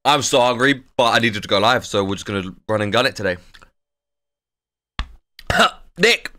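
A man streaming a game live, reacting loudly and excitably with lots of swearing. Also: on the low side, normal speed. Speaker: gaming streamer. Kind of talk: casual live-stream gameplay commentary.

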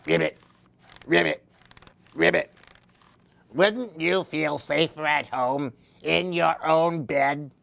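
A woman voicing a cautious frog in a picture book, croaking deep and slow as it warns. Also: lively intonation, fairly bright tone, full character voice. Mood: warning.

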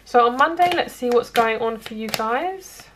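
A woman reads tarot in a chatty, reassuring way, speaking directly to her viewers. Her voice is fairly high and expressive at a normal speed, with background noise audible.

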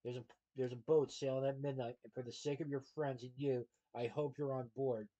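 A man reading aloud and voicing a cold, scheming male chocolate boss in a low, hushed, smug tone. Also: level tone, fairly quick, dull audio, lightly acted. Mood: smug menace.

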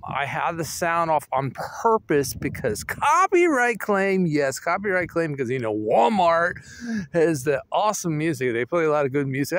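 A man's voice: a little high, dry recording. A man casually rambling through a story with fillers and chuckles, recorded outdoors on a phone. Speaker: vlogger. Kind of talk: casual chat. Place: outdoors at home while walking a dog.

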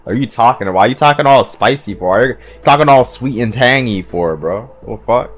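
A man hosting a manga reaction, talking casually, profanely and excitably, with stammered restarts and sudden loud outbursts. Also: medium pitch, fairly quick, soft background music.

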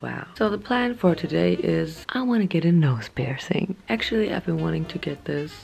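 A woman's voice: lowish voice, animated, moderate pace, creaky, a little mellow. A young woman talking to a handheld camera in a casual vlog, giggly and self-mocking. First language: German. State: groggy morning voice. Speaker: vlogger.

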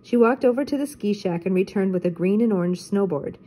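An older woman, a teacher, reading a children's storybook aloud in a steady, clear way. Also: medium pitch, fairly quick.

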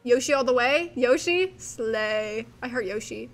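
A woman streaming a game, chatting casually with viewers, reading chat aloud and squealing with excited giggles. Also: a little high, a little slow, soft background music. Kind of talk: casual live-stream chat while gaming.

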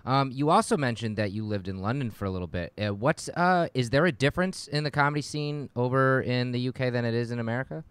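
Smooth-voiced podcast host man. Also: medium pitch, animated, fast talker, hardly any pauses, dry recording. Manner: friendly, hesitant questions with ums. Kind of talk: casual interview.

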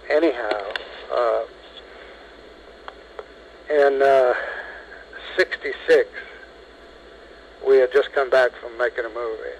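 Man, 70s, phone interview; lively storyteller who acts out the quotes, mid-range voice. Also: mid-range voice, vocal fry, slight background noise, rough recording. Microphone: telephone.

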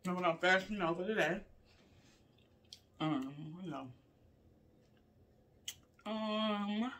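With slight background noise, a woman eats on a casual live vlog and chats to viewers she calls "y'all," in a medium-pitched voice that is slow and pauses often. She savors her meal, humming "mm" between bites and talking with her mouth full, in a relaxed, chatty way.

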